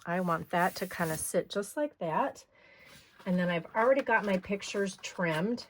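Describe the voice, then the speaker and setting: A middle-aged woman talks viewers through a scrapbooking project at a slow, easy pace, her voice a touch low and slightly hoarse. She chats as she works, stopping now and then to clear her throat. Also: lively intonation. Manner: chatty, talks while working, frequent throat clearing. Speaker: scrapbooking host. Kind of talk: hands-on craft tutorial.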